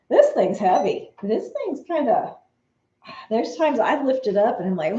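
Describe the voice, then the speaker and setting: A woman chats casually with her live viewers, animated and quick to laugh. Her voice is mellow and relaxed. The sound is roomy and a little dull, like a home studio on a modest mic. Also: mid-range voice. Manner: chatty and animated, laughs often, reads viewer comments. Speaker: vlogger chatting with live viewers.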